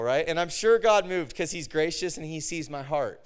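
A man preaching a sermon, telling a personal story with animated delivery and acting out the dialogue. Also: fairly high pitch, a little fast, few pauses, smooth. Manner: animated storytelling, acts out his own and God's words.

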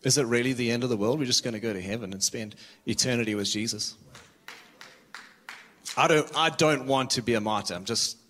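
Brief: male visiting preacher, mid-pitched, urgent and earnest, casual asides. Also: fairly quick, fairly bright tone, a little hiss or hum. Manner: earnest and urgent, with self-deprecating asides and frequent restarts. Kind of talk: sermon.

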